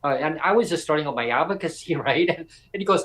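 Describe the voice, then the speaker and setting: A man's voice: on the high side, lively intonation, fast talker, hardly any pauses, fairly bright tone, poor audio. A man hosting a podcast, telling rambling stories and acting out quoted conversations. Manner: rambling, acts out quoted dialogue. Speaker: podcast host and disability advocate. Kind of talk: casual storytelling chat.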